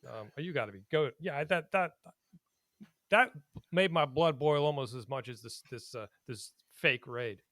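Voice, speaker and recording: A man co-hosting a casual podcast, talking in an animated, indignant way and laughing often. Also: medium pitch, unhurried, no echo. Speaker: podcast co-host. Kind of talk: casual political chat.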